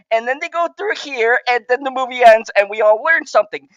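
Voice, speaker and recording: A woman's voice: a little high, moderate pace, no echo, muffled recording. A woman co-hosting a podcast, ranting hard and swearing through a heated movie complaint, worked up and sweating. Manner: heated, swearing, loud and emphatic. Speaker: podcast co-host. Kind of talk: profane ranting commentary.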